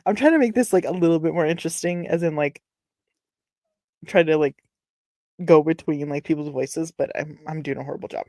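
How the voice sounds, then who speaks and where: A woman's voice: deep voice, little pitch movement, moderate pace, long pauses, warm tone, no echo. A woman from Texas reading a novel aloud on her show, breaking off to ramble, apologize and make wry asides, close to a desk webcam at home. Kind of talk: casual read-along with commentary.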